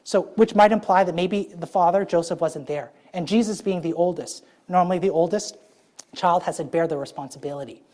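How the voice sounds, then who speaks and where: A woman preaching to her congregation in a loose, conversational way, often checking in with "right?" and "okay?" and drawing out key phrases slowly for emphasis. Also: fairly low pitch, mellow. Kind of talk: sermon.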